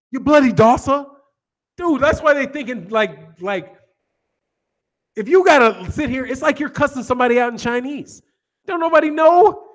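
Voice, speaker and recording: An American man hosting a boxing channel, ranting casually with a lot of swearing and laughter. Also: very high voice. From United States. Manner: profane, teasing, laughs often.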